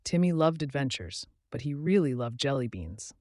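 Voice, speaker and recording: A man narrating children's stories in a playful, expressive way. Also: medium pitch, moderate pace, no room sound, studio quality. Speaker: storyteller. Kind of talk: scripted children's story narration.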